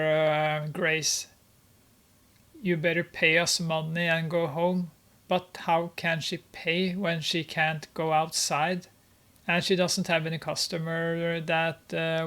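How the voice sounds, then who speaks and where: Slow, halting, amused movie recapper. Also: medium pitch, flat delivery, fairly bright tone. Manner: halting, with many filler pauses and frequent laughter; amused and mocking. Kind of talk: casual film recap and commentary.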